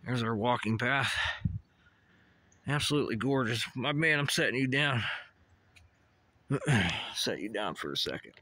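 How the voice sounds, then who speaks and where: Rambling, bright-voiced man on an outdoor walk. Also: medium pitch, animated, unhurried, pauses often, no room sound. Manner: rambling, swears casually, talks to animals and trees. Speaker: vlogger. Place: outdoors on a hilltop walking path. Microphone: phone camera.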